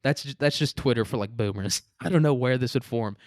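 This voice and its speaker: A man's voice: mid-range voice, a little fast, no room sound. A young man riffs crudely on news stories, rambling and swearing as he goes. His voice sits mid-range. The recording is close and dry. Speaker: host. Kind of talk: profane comedic news commentary.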